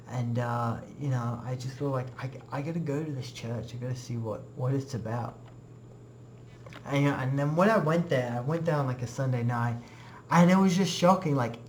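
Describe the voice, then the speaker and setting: A man's voice: mid-range voice, a little hiss or hum. A young man giving a casual, earnest personal testimony in a web class, rambling with many fillers.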